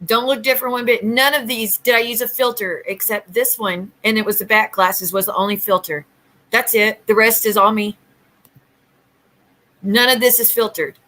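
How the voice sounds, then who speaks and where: A woman hosting a casual livestream at home, talking bluntly and sassily with quick retorts to her viewers. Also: on the high side, fairly even intonation, a bit bright. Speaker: livestream host.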